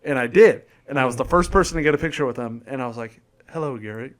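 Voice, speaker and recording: A young man hosts a casual podcast with a mid-range voice. He tells stories in an animated way and acts out what people said. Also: mid-range voice, rapid-fire. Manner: animated storyteller, acts out quoted lines. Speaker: podcast host.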